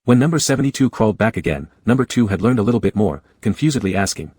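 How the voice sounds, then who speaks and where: A man narrating an audiobook in a steady, measured storytelling voice. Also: fairly low pitch, slightly rough, no echo. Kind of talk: scripted narration.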